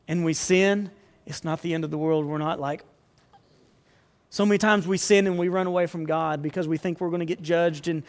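A man preaching a sermon as pastor, earnest and building to fervent appeals. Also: high voice. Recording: long hall reverb.

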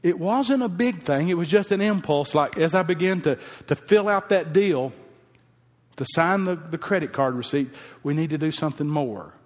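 A man's voice: a little high, moderate pace. A man, a pastor telling a heartfelt personal story in a folksy sermon. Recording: long hall reverb.

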